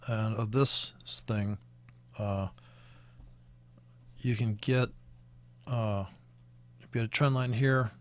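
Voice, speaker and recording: Slow and steady, pausing often, this man has a lowish, fairly bright voice and a Canadian accent. He's a forex commentator doing a casual, rambling screen-share chart walkthrough of currencies, with many fillers and restarts.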